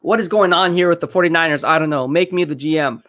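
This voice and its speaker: Hosting a football watch-party livestream, this man fires off reactions to plays and talks with viewers, saying things more than once in his excitement. His voice is fairly high and his delivery fast.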